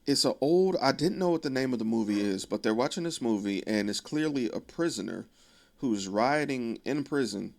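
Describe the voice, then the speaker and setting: A man casually recapping a film's plot, animatedly quoting the characters as he goes. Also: gravelly. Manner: animated retelling, quoting characters with raised pitch. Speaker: video essayist. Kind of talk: casual film recap commentary.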